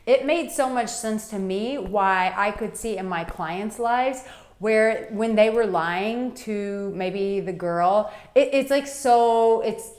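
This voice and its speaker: A frank woman coaching to camera in a casual, no-nonsense tone, cursing easily as she tells stories from her own life. Her voice sits in a middle register. The room around her rings with a noticeable echo. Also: medium pitch. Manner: blunt, frank, swears freely, animated storytelling. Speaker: relationship coach and host. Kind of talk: casual advice vlog to camera.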